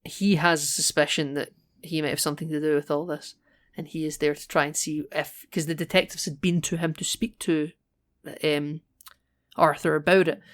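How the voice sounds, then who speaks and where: A man co-hosting a podcast, chatting casually and animatedly about a film, quick to laugh. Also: fairly high pitch, level tone, fairly bright tone. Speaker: podcast co-host.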